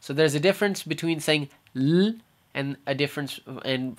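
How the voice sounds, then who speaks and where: A young man giving a casual lesson on letter sounds, repeating each sound slowly to demonstrate it. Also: fairly high pitch. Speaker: Arabic letters teacher.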